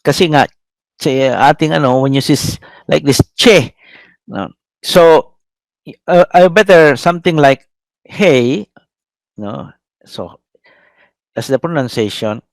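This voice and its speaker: A middle-aged man with a Filipino accent giving a classroom lecture, pausing often with fillers and checking in with "no?". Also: on the high side, dry recording, poor audio. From Philippines. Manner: halting, many fillers, checks in with "no?".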